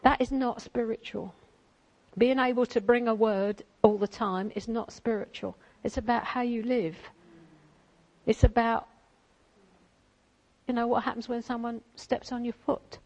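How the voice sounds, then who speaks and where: A woman's voice: a little high, steady tone, unhurried, pauses often, darkish tone, muffled recording. A woman giving an informal church talk, chatty with frequent ums and asides, reading a storybook passage aloud. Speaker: church speaker.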